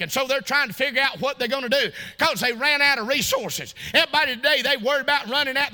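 Man preaching, fervent and folksy, very high bright voice. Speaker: pastor. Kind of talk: sermon.

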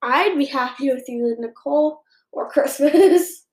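A woman co-hosts a casual podcast, easygoing and quick to chime in with short agreeing replies. Her voice sits high. The room around her is echoey. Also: darkish tone. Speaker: podcast co-host. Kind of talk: casual chat reviewing a TV episode.

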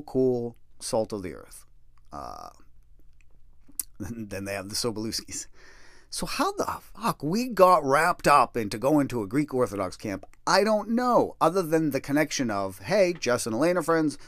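Middle-aged man, casual storyteller, swears freely, pitch swings widely, dry close sound. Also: unhurried, no room sound. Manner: profane, self-deprecating, animated storytelling.

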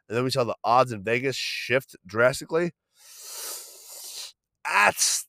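A man's voice: medium pitch, very animated, measured pace, creaky, pauses often, fairly bright tone, no echo. A man hosting a podcast, ranting in a heated, profane and emphatic way. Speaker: podcast host.

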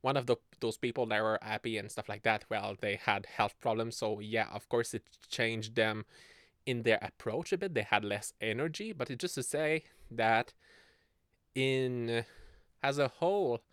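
Giggling and rambling, a podcast host in his twenties runs a casual solo show, laughing often mid-sentence. He speaks at normal speed with a medium-pitched, fairly bright voice, recorded dry in clean studio sound.

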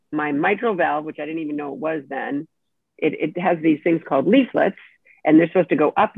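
A woman telling a personal story as an interview guest, animated and acting out the people she quotes. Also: deep voice, gravelly, no room sound. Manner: animated, acts out quoted speech. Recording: tinny dry phone line.

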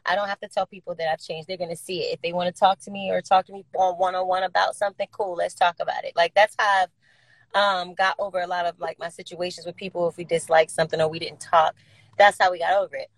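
A woman talking as an interview guest, outgoing, blunt and profane, laughing often and swinging between loud and soft. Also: on the low side, level tone, fast talker, dry recording, rough recording. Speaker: interview guest, recording artist. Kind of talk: candid interview talk.

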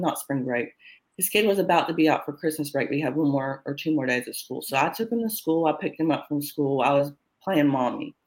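A woman with a low-pitched, slightly mellow voice tells a personal story as an interview guest. She narrates events in the present tense and acts out the quoted lines, showing who said what.

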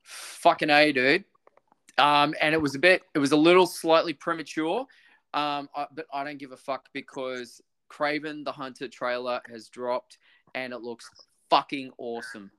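A man's voice: fairly high pitch, steady tone, normal speed, fairly bright tone, smooth. A man, co-hosting a casual movie podcast, laid-back and profane, laughing often. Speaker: podcast co-host.

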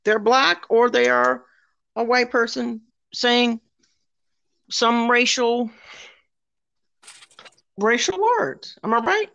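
A woman telling a workplace story in an animated, casual way, often repeating herself. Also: a little high, slow, vocal fry, long pauses, lo-fi sound.

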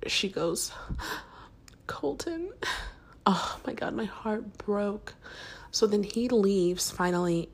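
A woman in her thirties hosting a casual podcast from her kids' bedroom, chatty and swearing, often dropping into a whisper. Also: lowish voice. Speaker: podcast host. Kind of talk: casual chat.

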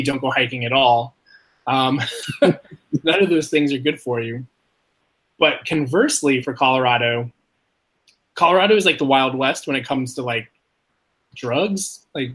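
A young man tells a long story in casual, rambling talk. He swears freely and leans on "like" in nearly every line. His voice sits at an average pitch but jumps up sharply whenever he quotes himself. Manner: rambling, profane, heavy use of "like"; animated, jumps high when quoting himself.

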